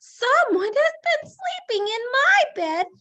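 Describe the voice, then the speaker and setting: A woman voicing a tiny young male bear cub with a squeaky, wailing voice. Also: very animated, slow, heavily acted. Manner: wailing, high and shouted.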